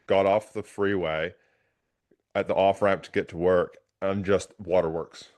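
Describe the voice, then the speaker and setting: A man hosting a casual interview, telling a personal story in an animated way with frequent restarts. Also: low voice, measured pace. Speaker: podcast host.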